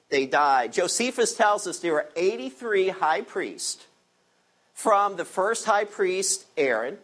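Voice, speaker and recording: A man preaching an expository sermon, emphatic and dropping his voice low on key words. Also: a bit bright. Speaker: pastor.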